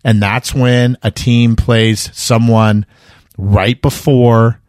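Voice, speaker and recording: A man's voice: mid-range voice, slow, no echo, clean studio sound. A middle-aged man co-hosting a sports betting podcast, chatting casually and animatedly, acting out quotes. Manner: animated, jokey, acts out quotes. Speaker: podcast co-host giving betting picks.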